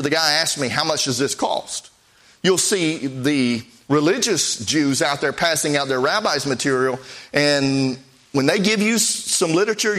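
A man preaching a sermon in a conversational, storytelling way, his pitch swinging up and down as he recounts events. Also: fairly bright tone. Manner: conversational, pitch swings up and down while telling stories.

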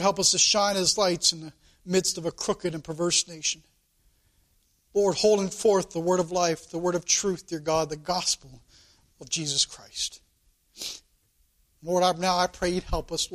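High-voiced preacher in fervent prayer. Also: male voice, a bit bright. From United States. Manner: repetitive, calling "Lord" and "dear God" between phrases. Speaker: pastor. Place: church sanctuary.

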